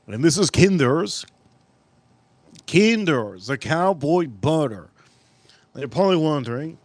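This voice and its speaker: A man hosting a live cooking stream outdoors at a grill, talking in a casual, profane way with sudden loud exclamations. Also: a little high, very animated, slow, pauses often, no room sound.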